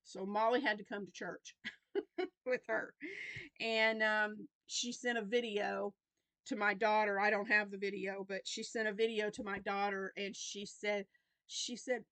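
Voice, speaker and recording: This crochet vlogger, a grandmother in her fifties with a Southern American accent, casually tells the camera about her week, wandering and starting over. She speaks unhurriedly and flatly in a mid-range, fairly bright voice, with no echo in the recording.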